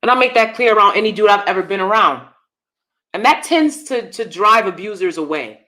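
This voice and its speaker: A woman's voice: mid-range voice, expressive, brisk, pushed and bright. A woman hosting live-stream commentary, blunt and emphatic, often repeating herself. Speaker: commentary channel host.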